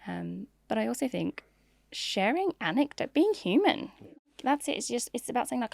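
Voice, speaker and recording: A woman's voice: fairly high pitch, sing-song, moderate pace, gravelly, darkish tone, dry recording. A middle-aged woman, a marketing leader, telling frank stories in an interview on a close podcast mic. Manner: frank, open, storytelling. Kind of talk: candid interview conversation.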